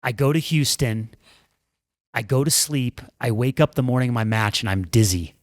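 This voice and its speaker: A man's voice: medium pitch, no echo, clean studio sound. A man and former pro tennis player, a podcast guest, reflecting earnestly on his career in candid storytelling. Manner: earnest, reflective, talks in quick bursts.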